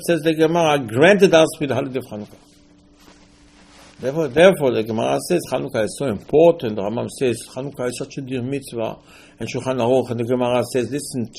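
Gravelly emphatic man giving a sermon. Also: fairly high pitch. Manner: emphatic, rising to loud bursts, non-native grammar. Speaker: rabbi.

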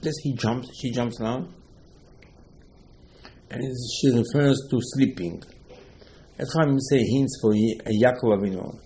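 A man's voice: mid-range voice, unhurried, pauses often, a little hiss or hum. Emphatic man preaching a religious lesson. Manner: emphatic, repeats key points, swings between loud and soft; non-native English phrasing. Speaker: rabbi giving a Torah lesson. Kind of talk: religious lecture.

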